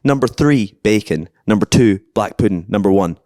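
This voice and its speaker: Lively playful Scottish man hosting. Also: fairly low pitch, normal speed, no room sound, studio quality. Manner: playful, teasing, laughs often. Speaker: podcast host. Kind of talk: casual podcast banter.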